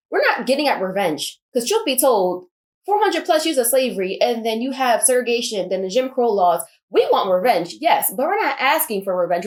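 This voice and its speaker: Impassioned woman speaking out, high voice. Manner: emphatic, repeats points for force. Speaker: vlogger. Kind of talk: impassioned personal monologue.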